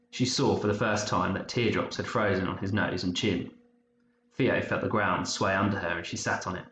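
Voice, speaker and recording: A man narrating an audiobook in a measured, even storytelling manner. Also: sits low. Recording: muffled roomy recording, faint hiss.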